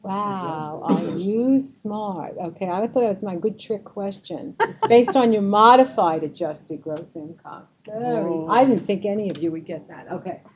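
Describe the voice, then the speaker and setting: A woman's voice: medium pitch, animated, unhurried, hardly any pauses. A woman with a New York accent presenting a Medicare seminar, talking casually and quizzing the audience. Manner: chatty, quizzes the audience with true-or-false questions. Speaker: Medicare advisor presenting a talk. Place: meeting room with a live audience. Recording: slightly muffled recording, faint room noise.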